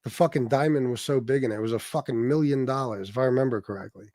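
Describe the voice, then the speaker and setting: This livestream host talks fast in a medium-pitched, darkish voice, furiously cursing at his critics. Reading chat, he responds aggressively to it. The recording is dry and studio-clean.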